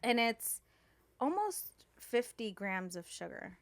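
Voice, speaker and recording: A woman co-hosting a podcast in casual chat, frank and profane and quick to laugh. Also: a little high, big pitch swings. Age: adult with children. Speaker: podcast co-host.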